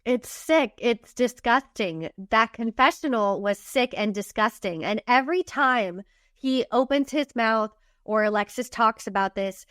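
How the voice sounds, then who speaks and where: A woman's voice: on the high side, a little slow, fairly bright tone, no echo, studio quality. Indignant woman recapping reality TV. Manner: indignant, emphatic. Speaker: podcast co-host. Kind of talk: casual recap chat.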